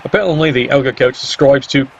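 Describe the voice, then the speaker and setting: A man's voice: mid-range voice, fast talker, creaky. A man commentating a video game match in a sarcastic, teasing way. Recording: dull lo-fi mic with faint hiss.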